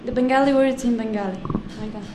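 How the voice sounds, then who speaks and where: A woman teaching a live class on pronunciation, patiently correcting and repeating words slowly and precisely. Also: on the high side, fairly even intonation, crowd noise.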